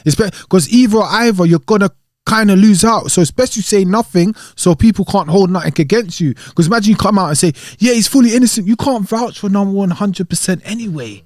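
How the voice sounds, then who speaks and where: A man's voice: high-pitched, brisk, dry recording, studio quality. A young man, chatting casually in slang and laughing easily on a podcast. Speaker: podcast guest. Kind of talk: casual chat.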